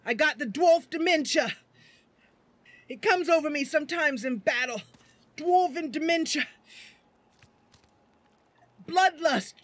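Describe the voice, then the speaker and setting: A woman voicing a blood-spattered male dwarf warrior in a battle frenzy, talking in a heavy, gruff way. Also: high-pitched, lively intonation, slow pace, long pauses, fairly bright tone, no room sound, pitched above the performer's own voice, exaggerated voice.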